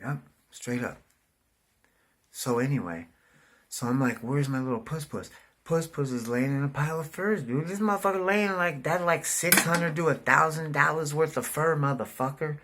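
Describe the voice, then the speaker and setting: A man's voice: fairly high pitch, normal speed, sharp tone, slight background noise. A man in his forties from California, rambling casually to the camera, swearing and saying "dude" constantly. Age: 40s. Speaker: vlogger.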